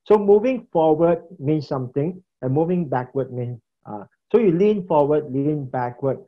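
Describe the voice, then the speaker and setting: A man's voice: on the high side, lively intonation, normal speed, phone-quality sound. A man teaching a lesson on preaching from his laptop, in a loose conversational way that repeats phrases as he gestures. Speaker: preaching instructor. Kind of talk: recorded lecture on preaching. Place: indoors at a laptop.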